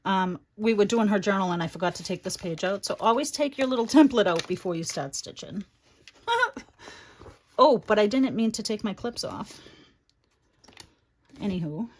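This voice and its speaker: Between craft steps on her livestream, a middle-aged woman reads out viewer comments in a mid-range, animated voice. She talks at a normal speed but leaves long pauses, and there's slight background noise. Her manner is chatty and warm with both her daughter and the audience.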